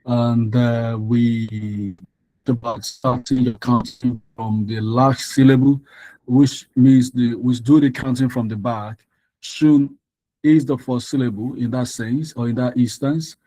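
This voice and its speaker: Guy teaching an exam prep class online, mellow low-key tone, dry sound on a computer mic, lots of ums and restarts. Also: steady tone, a little slow, no room sound, poor audio. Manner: explanatory, repeats phrases, frequent ums and restarts. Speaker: exam tutor. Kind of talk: online exam-prep lesson with screen share.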